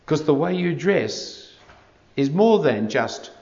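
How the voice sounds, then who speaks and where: A man preaching an expository sermon, his gravelly voice rising and falling with animated pitch. He slips in dry, wry asides between verses. The recording is dull and lo-fi. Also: takes it slowly.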